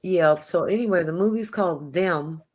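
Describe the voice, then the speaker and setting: A woman's voice: fairly low pitch, moderate pace, a little mellow. A woman calling in to a live show, talking earnestly with many fillers. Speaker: caller. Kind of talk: call-in chat.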